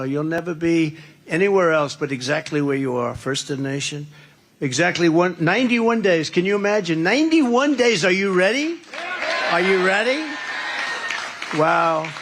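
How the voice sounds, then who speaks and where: A man's voice: fairly high pitch, fairly bright tone. An older man giving a campaign rally speech, rambling and boastful, often repeating his phrases. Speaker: political speaker at a rally. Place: large indoor rally room.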